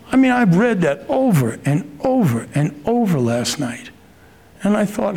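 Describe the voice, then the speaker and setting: A man preaching in a relaxed, conversational sermon, his voice slightly high with a gravelly edge. He talks earnestly, lifting his pitch to stress points and acting out his own prayers aloud. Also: a little slow. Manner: earnest, rises in pitch for emphasis, acts out prayers.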